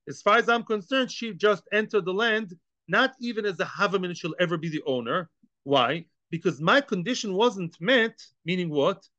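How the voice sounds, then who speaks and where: High bright-voiced guy teaching talmud, tosses out rhetorical questions, dull dry lo-fi sound. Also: no echo. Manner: animated, rhetorical questions, acts out both sides. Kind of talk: Talmud class lecture.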